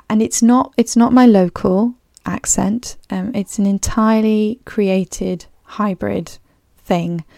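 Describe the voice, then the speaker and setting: This podcast host, a third culture kid who grew up abroad, has a clipped and slightly posh English accent as she reflects alone on mic, frequently um-ing and starting over. She speaks at medium pitch with vocal fry and a little mellowness, in studio quality with no room sound.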